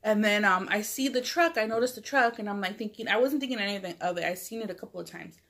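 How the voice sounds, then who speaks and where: A woman's voice: mid-range voice, quick pace, fairly bright tone. Chatty woman telling a story. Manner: rambling, full of "like" and self-corrections. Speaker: mukbang vlogger. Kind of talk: casual storytelling.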